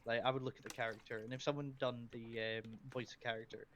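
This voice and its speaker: A man's voice: mid-range voice, level tone, quick pace, fairly bright tone, slight background noise. A Scottish man chatting as a podcast guest, rambling with lots of fillers. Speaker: streamer guest. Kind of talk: casual podcast chat. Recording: dull lo-fi sound.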